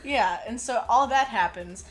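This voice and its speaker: A woman's voice: a little high, measured pace. A young woman co-hosting a podcast in casual chat, mocking and exasperated, acting out scenes in mock voices. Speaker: podcast co-host.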